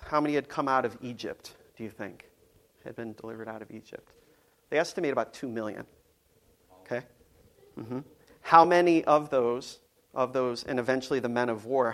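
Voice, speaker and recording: A man preaching a casual, conversational sermon, playful and full of ums and restarts. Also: mid-range voice. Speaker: pastor.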